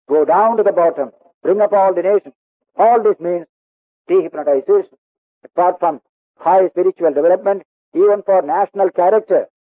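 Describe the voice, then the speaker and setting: An Indian-accented man delivers an earnest spiritual discourse as a monk, hammering home key words and reciting Sanskrit verses. His voice sits a little high for a man. The recording is dry and tinny, as on an old archival tape. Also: dry recording. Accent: Indian English. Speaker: monk teacher.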